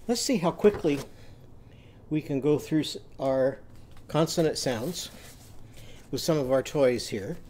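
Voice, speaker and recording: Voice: mid-range voice, measured pace, pauses often, warm tone, a little hiss or hum. A literacy teacher giving a children's lesson, explaining sounds in a patient, step-by-step way.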